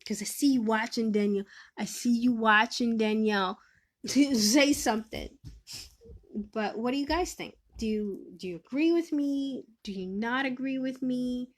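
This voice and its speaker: A woman's voice: a little high, moderate pace. Chatty woman teasing her live viewers. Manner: chatty, teasing, laughs often, swings loud and soft. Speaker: live-stream host. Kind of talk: casual live-stream chat with viewers.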